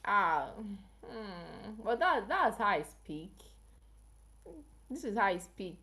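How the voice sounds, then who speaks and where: A woman's voice: mid-range voice, very animated, slow, bright, forceful tone. A woman from Africa hosting a casual health livestream, chatting with viewers and asking them questions. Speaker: health channel livestream host.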